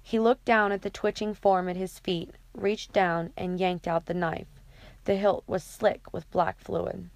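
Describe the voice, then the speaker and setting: Casting note: woman audiobook narrator, steady delivery, gravelly low voice, dry close sound. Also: unhurried, no echo.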